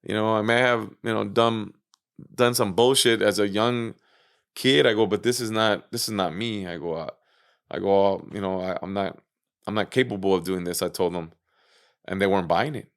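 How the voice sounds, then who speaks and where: A man's voice: fairly low pitch, moderate pace, fairly bright tone, clear, resonant tone. A man being interviewed on a podcast, casually retelling his own story with lots of fillers, swearing and acted-out quotes. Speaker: interview guest.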